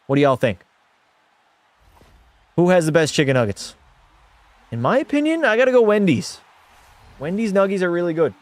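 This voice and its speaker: Young male streamer, slightly high voice, excitable play-by-play mixed with chat banter. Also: normal speed, pauses often, no room sound. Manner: excitable, chatty, answers chat, mock French-Canadian outbursts. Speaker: streamer and game commentator. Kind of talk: casual live-stream play-by-play commentary.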